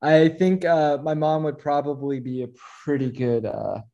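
A man, a podcast guest, recounting his experiences in an easygoing, unhurried way. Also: on the high side, fairly even intonation, mellow, muffled recording. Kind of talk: casual interview chat.

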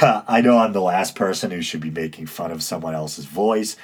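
A low, husky man with a stuffy-nosed East Coast accent talks his way through a solo podcast episode. His delivery is droning and dry, full of uhs and self-mocking asides. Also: moderate pace, hardly any pauses. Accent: East Coast American. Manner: dry, self-mocking, many filler sounds. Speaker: podcast host. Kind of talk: casual solo podcast monologue.

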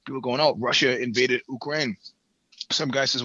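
Rambling, laughing man, bright husky tone. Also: mid-range voice, normal speed, dry recording, lo-fi sound. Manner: rambling, profane, laughs between points. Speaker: podcast guest. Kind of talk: casual chat.

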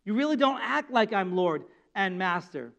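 A pastor's high voice swings widely in pitch at a moderate pace, with vocal fry and a fairly bright tone. In his conversational sermon he leans on repeated words and rhetorical questions while acting out God and the people in quoted dialogue.

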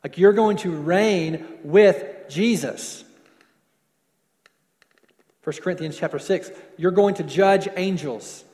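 A man preaching a sermon, stretching words for emphasis and dropping to softer closing lines. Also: sits high, big-room sound. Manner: preaching with slowed emphasis and falling soft endings. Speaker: pastor.

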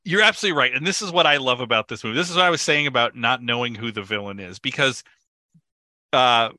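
A man with a very bright, forceful voice of middling pitch chats about a film on a podcast. He talks in an animated way, laughing between points and leaning on filler words. The sound is dry and close, with no room around it. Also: quick pace, no echo. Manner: animated, chuckling, many filler "like"s. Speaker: podcast co-host. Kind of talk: casual film discussion.

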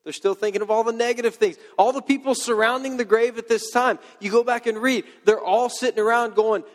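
A man's voice: extremely high pitch, steady tone, fairly quick, few pauses, long reverb tail. A man preaching a sermon in a conversational way, with joking asides and playful quoted voices. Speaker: pastor.

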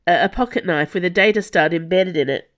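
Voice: medium pitch, a little fast, fairly bright tone, lightly acted. The narrator voicing an observant young woman musketeer who speaks in urgent, clipped bursts.

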